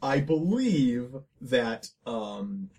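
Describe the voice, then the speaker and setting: A man's voice: mid-range voice, very animated, extremely slow, darkish tone. A man co-hosting a podcast, rambling casually about a movie with plenty of fillers and restarts. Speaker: podcast co-host.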